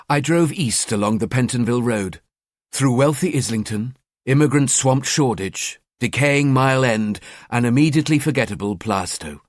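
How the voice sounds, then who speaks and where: A man narrating a crime thriller audiobook in the first person, with a cold, measured delivery. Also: medium pitch, lively intonation, no room sound, clean studio sound.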